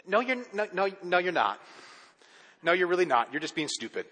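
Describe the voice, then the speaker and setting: Male pastor, sermon delivery, fairly high bright voice, long hall reverb, conversational with rhetorical questions. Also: normal speed. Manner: conversational preaching, rhetorical questions, repeats words when excited.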